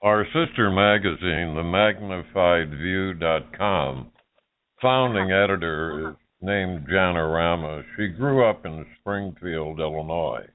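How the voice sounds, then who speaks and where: A man's voice: sits low, takes it slowly. A man co-hosting a phone interview, asking questions in a curious, conversational way. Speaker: co-host. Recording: tinny phone line.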